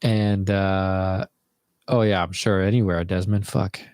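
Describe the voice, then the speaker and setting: A man's voice: low-pitched, steady tone, slow, a little mellow, clean tone, no room sound, clean studio sound. A young man telling a rambling, casual story to viewers from his bedroom, swearing freely as he goes. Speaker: vlogger.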